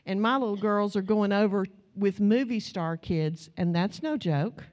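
Preaching in a storytelling, conversational way, a middle-aged American woman climbs toward emphatic repetition. She speaks a bit slowly at medium pitch with a darkish tone, and the recording's highs are cut off.

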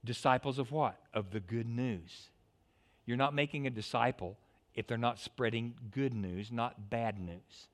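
A man preaching a sermon in church, animated, often stumbling into quick restarts. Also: medium pitch. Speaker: pastor.

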